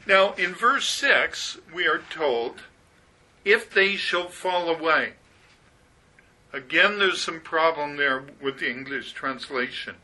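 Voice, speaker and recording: A man gives a verse-by-verse Bible teaching with a somewhat high, sharp and forceful voice. He works through the Greek grammar methodically and leans hard on the key words. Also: takes it slowly, poor audio.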